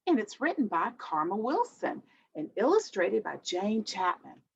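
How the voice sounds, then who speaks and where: A woman hosting a children's storytime as a librarian, reading a picture book aloud in an animated, sing-song manner and gasping for effect. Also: medium pitch, normal speed, creaky, a little hiss or hum. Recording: dull lo-fi audio.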